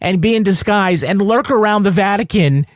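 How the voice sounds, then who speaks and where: A man's voice: high-pitched, normal speed, dry recording, studio quality, lightly acted. A man doing a hammy Italian mafia boss. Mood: pompous. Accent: Italian (put on). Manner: exaggerated comic impression.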